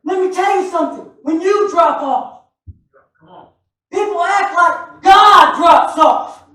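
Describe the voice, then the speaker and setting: A man preaching a sermon, telling stories with laughter and bursting into shouts. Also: extremely high pitch, slow pace. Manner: animated, often shouting, laughing storyteller. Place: church sanctuary. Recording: echoey church from far off.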